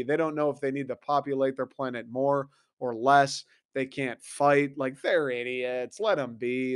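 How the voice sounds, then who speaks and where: A man's voice: medium pitch, dry recording. Rambling, profane man on a solo podcast, dry close sound. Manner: rambling, profane, acts out voices. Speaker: podcast host. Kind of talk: casual solo commentary.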